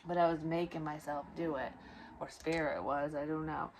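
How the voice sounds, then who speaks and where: A woman's voice: deep voice, fairly even intonation, moderate pace, a little mellow, slight background noise, low-quality recording. A woman telling a personal story in a rambling, emotional and profane way, full of fillers. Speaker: vlogger. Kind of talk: casual storytelling.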